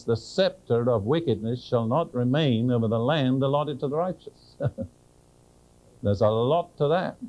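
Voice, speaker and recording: A man preaching a sermon, earnest and direct, who slows down to read scripture with emphasis and keeps asking his listeners questions. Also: mid-range voice, mellow, poor audio.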